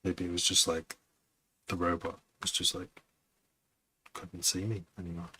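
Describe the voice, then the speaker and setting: A man producing music on a live stream, chatting casually in a low-key, somewhat monotone way as he thinks out loud. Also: unhurried, a little hiss or hum. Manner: rambling, self-correcting, thinking out loud.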